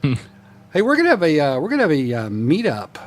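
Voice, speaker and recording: A man's voice: on the high side, huge pitch swings, a little hiss or hum. Jokey middle-aged male podcast host. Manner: chatty, jokey, quick to laugh. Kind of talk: casual chat.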